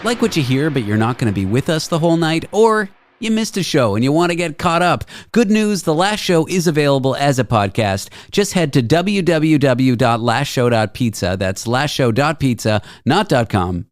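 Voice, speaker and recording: A man's voice: on the high side, lively intonation, moderate pace, hardly any pauses, dry recording. A man hosting a radio talk show, delivering a sarcastic, jokey news monologue into a studio microphone.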